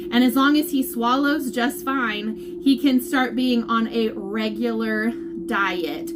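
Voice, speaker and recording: Against a noisy background, a woman with a high voice gives her followers a casual vlog update. She is emotional and laughs, at times coming close to tears.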